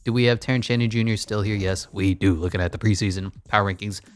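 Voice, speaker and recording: A man's voice: fairly low pitch, steady tone, fast talker, smooth. A man giving casual, blunt commentary while playing a basketball management game, full of wry asides. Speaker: gaming YouTuber.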